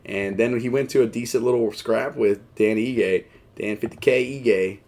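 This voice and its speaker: A man's voice: mid-range voice, normal speed, darkish tone. A man hosting a mixed martial arts show, talking in a rambling, casual way full of fillers and wry, self-mocking asides. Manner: wry, joking, laughs at himself. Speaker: MMA show host. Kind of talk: casual commentary.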